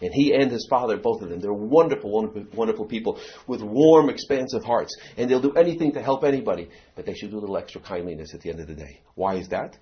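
A man's voice: lowish voice, fast, hardly any pauses. A middle-aged man gives a storytelling talk to his community. He acts out anecdotes and leans on "you know" fillers. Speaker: community speaker. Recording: dull lo-fi recording.

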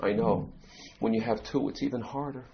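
A middle-aged man speaks at a medium pitch and normal speed in a storytelling talk for his community, acting out anecdotes and leaning on "you know." The recording is dull and lo-fi, with a little hiss or hum.

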